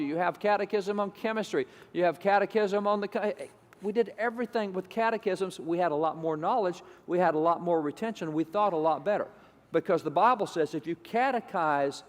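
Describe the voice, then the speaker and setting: A man's voice: on the high side, big-room sound. A man giving an emphatic, repetitive lecture to an audience. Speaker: speaker.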